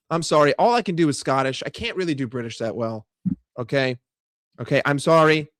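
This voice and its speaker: A young man rants casually about football on his vlog, swearing often. His voice sits high and leaps around. The sound is dry and close. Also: brisk, dry recording. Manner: profane, animated, chatty. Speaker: football vlogger.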